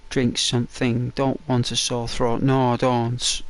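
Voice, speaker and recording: A man chatting casually during a break in his game stream, his throat dry and croaky, rambling and peppering his talk with "like". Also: medium pitch, monotone, measured pace. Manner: rambling, full of "like".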